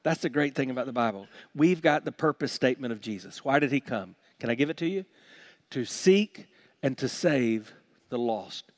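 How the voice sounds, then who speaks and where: A man preaching a sermon as pastor, swinging from quiet, slow lines to loud, shouted ones. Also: medium pitch, animated, no echo, clean studio sound.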